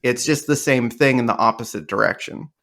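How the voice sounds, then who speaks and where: A man's voice: mid-range voice, fairly quick, creaky, fairly bright tone. A male comedian and playwright guesting on a podcast, telling rambling stories with a dry, joking manner in casual interview chat.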